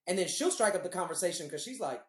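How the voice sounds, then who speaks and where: A man's voice: high-pitched, lively intonation, quick pace, echoey room. A man co-hosting a podcast, telling rambling, profane stories in casual chat. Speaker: podcast co-host.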